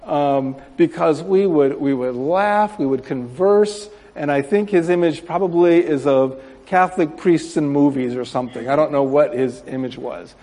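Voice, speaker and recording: A man's voice: fairly high pitch, normal speed, few pauses. A missionary man speaks to a church audience in a slightly raised voice. He tells his stories in an easy, rambling way, with plenty of "uh"s along the way. His words ring out with the long reverb of a large sanctuary. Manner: relaxed storytelling with fillers.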